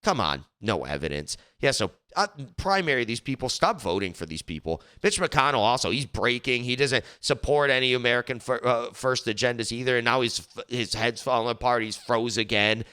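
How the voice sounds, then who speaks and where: Bright, smooth-voiced man rambling on politics. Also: medium pitch, a little fast, few pauses. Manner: rambling, frequent restarts and stumbles. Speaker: political commentary host. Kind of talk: casual political commentary.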